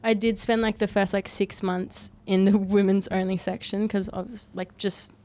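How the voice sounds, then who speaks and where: A woman's voice: mid-range voice, flat delivery, moderate pace, a little mellow. Young woman, Australian accent, podcast guest, giggly, casual chat. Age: young adult. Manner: giggly, lots of fillers and likes.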